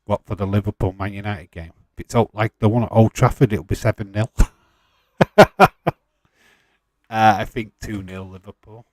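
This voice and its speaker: A fairly low-pitched man talks casually on a live stream, joking and laughing as he reads out viewer comments. His voice is recorded very dry and close, with no room sound around it. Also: fairly even intonation, moderate pace, long pauses, darkish tone, no room sound. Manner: chatty and jokey, laughs often, swears casually. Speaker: streamer hosting a wrestling watch-along.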